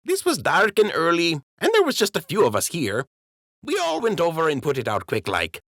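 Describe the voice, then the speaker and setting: A man's voice: fairly high pitch, huge pitch swings, moderate pace, a bit bright, no echo, studio quality, voice pushed up, exaggerated voice. A man voicing a rustic, jokey male rabbit dockworker who talks in ungrammatical country speech. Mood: folksy.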